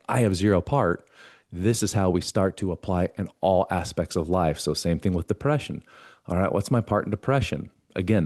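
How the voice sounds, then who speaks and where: A man's low, somewhat mellow voice comes through clean studio sound without echo. He's a podcast guest telling his story conversationally and earnestly, slipping into the voices of himself and a mentor for the quoted parts.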